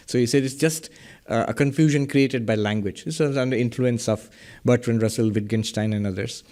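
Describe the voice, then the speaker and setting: A man's voice: medium pitch, brisk, darkish tone. A middle-aged man, teaching Vedanta philosophy in a lecture, explaining through questions and everyday examples. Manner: explains by questions and examples, chuckles at own jokes.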